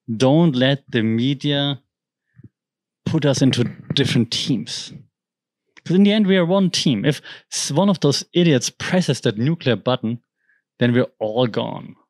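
Man, German first language, podcast host, rambling casual commentary, mid-pitched voice, dry close sound. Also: a little mellow, dry recording. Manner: rambling, conversational, frequent restarts and "like".

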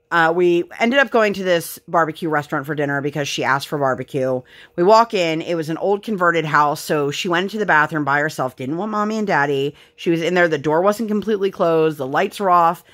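A woman's voice: low voice, fairly quick. A woman in her thirties, a mother and vlogger, chatting casually and telling rambling stories while she crafts. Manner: rambling storytelling with fillers, bright sign-off.

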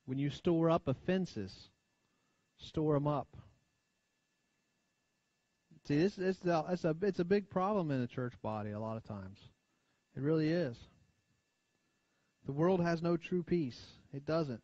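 An American man preaching in a church, with a slightly high voice that sounds a little muffled and lo-fi. He talks in a chatty, conversational way, asks the congregation for amens, and sinks low and quiet on the lines he wants to stress. The sound is close and dry. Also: measured pace, no room sound. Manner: conversational preaching, frequent call-and-response asides. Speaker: pastor. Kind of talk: sermon. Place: church sanctuary. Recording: dull lo-fi church recording.

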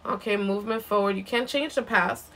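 A woman giving a live zodiac card reading in a gentle, reassuring way, repeating herself and often checking in with "okay?". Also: mid-range voice, brisk. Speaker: intuitive card reader.

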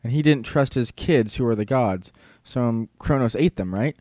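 Brief: a man reading an unsure kid reciting, mid-pitched, dry close sound. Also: expressive, a little mellow, no room sound, natural voice. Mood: hesitant. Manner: hesitant, halting recitation. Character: awkward, defensive boy student, twelve.

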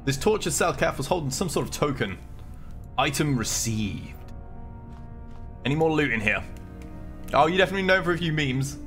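Over soft background music, a man with a fairly high, animated, fairly bright voice talks fast while streaming a game live. Jittery from coffee, he jokes around and reads the game's dialogue aloud in chatty commentary.

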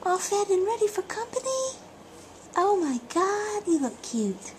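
A woman's voice: extremely high pitch, sing-song, measured pace, low-quality recording. A woman cooing baby talk to her infant at home in a sing-song way, filmed on a home video camera. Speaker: baby's mother. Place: home, indoors. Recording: home video with background noise.

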